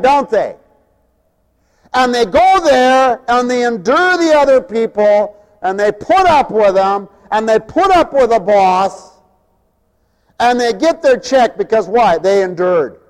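A man preaching a sermon, mocking and animated, swinging from loud to hushed. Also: very high-pitched, measured pace. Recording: long hall reverb.

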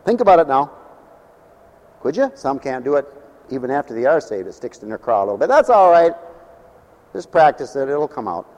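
A man preaching a sermon as pastor, swinging between loud declarations and hushed, low storytelling. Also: very animated, brisk, long pauses, big-room sound, poor audio.

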